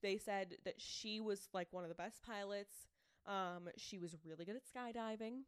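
Chatting casually as a podcast co-host, a young woman recounts a true-crime story, filling it with "like." She talks at a moderate pace in a clean, mid-range voice, and the studio recording has no room sound.

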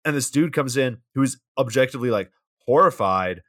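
A man with an average-pitched voice walks through a bad movie's plot in a rambling, wry podcast recap. The sound is dry and close, with little room echo. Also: animated, normal speed, fairly bright tone. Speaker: podcast co-host.

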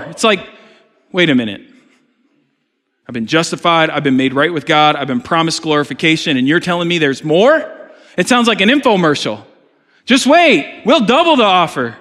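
Guy preaching a sermon, voice on the higher side, chatty with jokes, big church echo. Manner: conversational preaching with jokes, swings between loud emphasis and soft asides. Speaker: pastor. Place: church sanctuary. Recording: long hall reverb.

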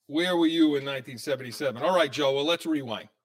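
An excitable man hosts a casual sports talk show, his voice sitting a little high for a man. He keeps the chat moving with animated, fast banter.

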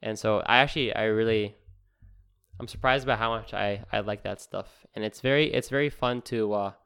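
A young man co-hosting a casual podcast, rambling and halting with many restarts. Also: lowish voice, gravelly, a bit bright, smooth. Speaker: podcast co-host.

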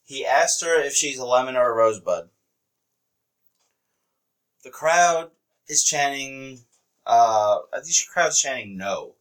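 A man's voice: mid-range voice, unhurried, pauses often. A man co-hosting a casual wrestling podcast, animatedly retelling what happened on the show. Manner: animated retelling with laughter and quoted voices. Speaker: podcast co-host.

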